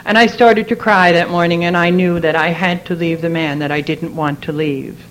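A woman's voice: on the low side, steady tone, moderate pace, a little hiss or hum, low-quality recording. A middle-aged woman giving a heartfelt personal testimony at a recovery meeting. She tells her story earnestly and repeats phrases as she goes.

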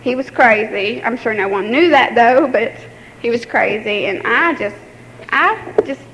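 Halting young woman telling a family story. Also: a little high, fairly bright tone. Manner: halting, many fillers and restarts, laughs nervously. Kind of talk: personal storytelling. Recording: echoey room with faint background hiss.

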